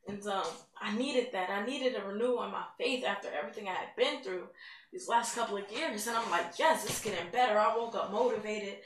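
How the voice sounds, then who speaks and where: A woman's voice: medium pitch, fairly quick. Teen girl, candid personal testimony, rambling, echoey distant mic. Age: teens. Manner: candid, rambling, grows excited. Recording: echoey room, mic at a distance, faint noise.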